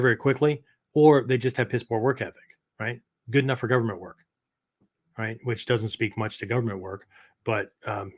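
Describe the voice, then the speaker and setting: A man's voice: on the low side, a bit bright. A middle-aged man hosting a podcast, explaining phrases in a casual, rambling teaching style and tagging nearly every sentence with "right?" or "okay?". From United States. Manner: peppers talk with "right?" and "okay?"; rambling, self-correcting explanations. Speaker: martial arts podcast host.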